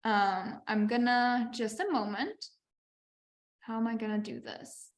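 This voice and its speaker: A woman's voice: a little high, unhurried, roomy sound. A woman business coach teaching a live online masterclass over a video call. She talks in a chatty, encouraging way, often checking in with "okay?".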